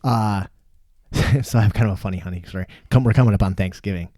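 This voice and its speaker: A man's voice: lowish voice, fast, dark tone, no echo, clean studio sound. A man from southern Minnesota hosting a podcast, telling rambling, profane stories in casual chat and laughing often. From southern Minnesota, USA. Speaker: podcast host.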